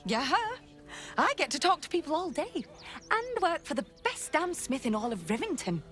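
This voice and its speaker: A bubbly, overeager young shop clerk gushes about her job in a video game. Her voice sits very high and swoops all over the place. Faint music plays under her lines. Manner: bubbly, gushing, sing-song sales pitch.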